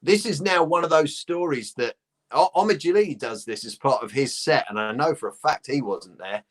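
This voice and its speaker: Appearing as a guest in a casual conversation, a middle-aged comedian from London spins lively stories in a posh southern English accent, cursing freely and laughing along. He talks at normal speed in a voice on the high side.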